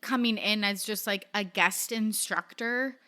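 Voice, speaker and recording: A woman's voice: mid-range voice, unhurried, sharp tone. A young woman hosting a pop culture podcast, chatting casually and gossiping with lots of fillers. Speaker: podcast host. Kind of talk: casual chat.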